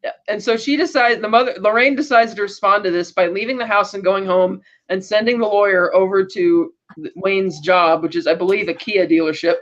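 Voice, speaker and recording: High-voiced rambling man, muffled audio. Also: fairly quick, fairly bright tone. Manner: rambling, with many restarts and likes. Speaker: podcast co-host. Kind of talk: casual chat recapping a TV episode.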